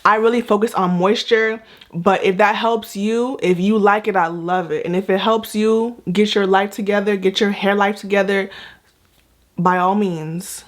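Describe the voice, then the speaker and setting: A young woman talks through a casual reaction vlog in a chatty, playful way. She leans on emphatic repeats and quick asides, her voice sitting at an ordinary middle pitch. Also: steady tone. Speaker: natural hair vlogger.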